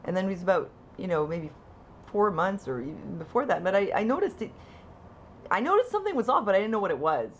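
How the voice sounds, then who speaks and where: A woman telling her own story as a mother, in a casual, conversational way, with halting restarts and bright quoted asides. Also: medium pitch, very animated, a little hiss or hum. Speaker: mother sharing her experience. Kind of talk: casual personal account to camera.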